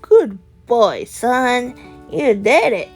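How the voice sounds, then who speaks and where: A woman voicing a gentle, affectionate male imp who is an adoptive father, speaking in a tender, soothing way. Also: very high-pitched, very animated, very slow, faint music behind, pitched above the performer's own voice, heavily acted. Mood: proud.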